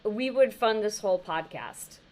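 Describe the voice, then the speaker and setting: This podcast co-host is an animated storyteller, a woman who laughs a lot as she chats casually. Her voice is mid-range and her speed is normal.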